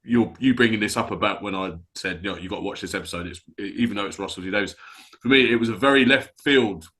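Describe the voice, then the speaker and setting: A man's voice: lowish voice, quick pace, sharp tone. A man co-hosting a casual chat, agreeing and building on the other host's points. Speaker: podcast co-host.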